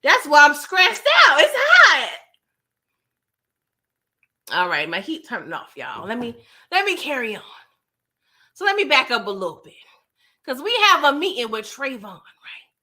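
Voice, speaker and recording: A woman at home giving an animated, profane recap of a TV episode to her viewers. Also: on the high side, normal speed. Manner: animated, expressive, frequently cursing. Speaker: TV show recap YouTuber. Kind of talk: casual episode review rant.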